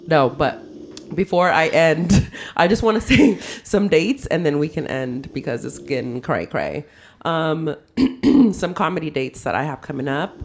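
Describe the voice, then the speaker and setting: Low-voiced laughing woman host. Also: unhurried, a little hiss or hum. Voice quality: animated, laughs often, slangy. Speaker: podcast host and comedian. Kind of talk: casual chat.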